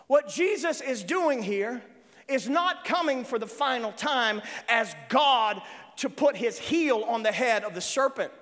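A male preacher delivering an emphatic sermon in a folksy way, breaking into shouts at times. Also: extremely high pitch, expressive, measured pace. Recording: long reverb of a large hall.

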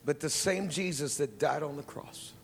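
A man preaching a sermon in a church. He tells a story softly, drops to near whispers, then rises to shouting praise and speaks in tongues. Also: a little high, normal speed, long reverb tail.

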